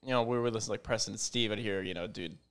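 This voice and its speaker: A man's voice: lowish voice, racing, a bit bright, clear, resonant tone. A young man, co-hosting a casual podcast chat, telling stories and mimicking local voices. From Delaware County, Pennsylvania. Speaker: podcast co-host.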